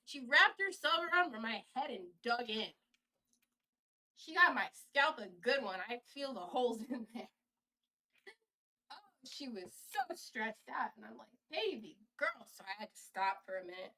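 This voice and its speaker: A woman's voice: on the high side, lively intonation, unhurried, pushed and bright, far from the mic. A woman live-streaming in casual chat, rambling and swearing freely, cooing baby talk at her cat now and then. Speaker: livestreamer. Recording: voice from away from the mic.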